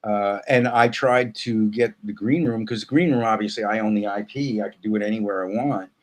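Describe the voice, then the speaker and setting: A man speaking as a guest in a casual interview, thoughtful and halting, with many fillers and restarts. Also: on the low side.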